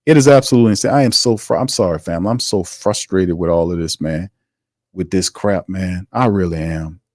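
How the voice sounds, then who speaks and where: A male sports talk host rants in exasperation, circling back to the same complaints again and again. His voice sits low, and the recording is dry and close, with no room echo. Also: fairly quick, darkish tone. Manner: exasperated, ranting, repetitive. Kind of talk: sports commentary rant.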